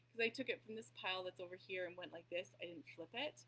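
A woman's voice: lowish voice, fast talker, bright, forceful tone, slight background noise, rough recording. A woman hosting a casual craft tutorial at her table, chatting as she paints and often apologizing for her slips. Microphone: table mic that cuts out.

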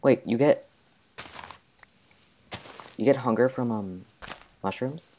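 A man narrating his own gameplay in a frantic rush, muttering orders to himself. His voice is mellow and soft-edged, with a faint hiss of noise behind it. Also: mid-range voice, slow pace. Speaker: gamer. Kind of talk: gameplay commentary.

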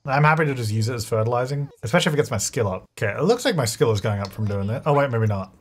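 A man hosting a gaming channel, thinking aloud in chatty gameplay commentary, self-correcting as he goes and breaking into excited bursts. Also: medium pitch, breathy edge. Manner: excitable bursts, quick laughs. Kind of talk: let's-play gameplay commentary.

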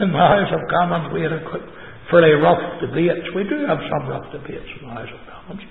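A man in his eighties with a Northern Irish accent, preaching a sermon as pastor, swinging from booming emphasis to hushed tones and chuckling as he goes. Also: brisk, vocal fry. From Northern Ireland. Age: 80s. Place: church hall. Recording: tinny echoey hall recording with faint hiss.

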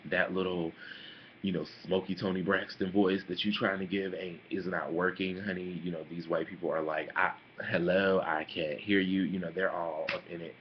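A man in his twenties giving a sassy, animated opinion vlog, calling listeners honey and girl. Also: sits low, moderate pace, lo-fi sound, slight background noise. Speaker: vlogger.

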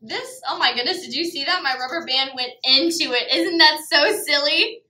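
A woman teaching a Bible lesson to preschoolers, animated and sing-song, with gasps and exclamations. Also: high-pitched, normal speed, echoey room, noisy background.

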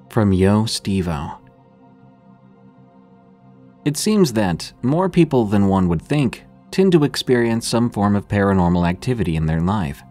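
A man narrating horror stories in a calm, measured, scripted reading. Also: on the low side.

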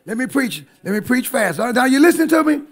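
A man's voice: extremely high pitch, very animated, quick pace. A man preaching a sermon in a church, emphatic and talking directly to the congregation.

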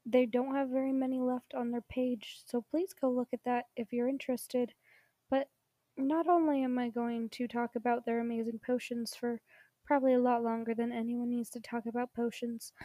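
A woman hosting a tabletop gaming channel, losing her voice as she rambles enthusiastically through product shout-outs with plenty of ums. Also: a little high, no room sound.

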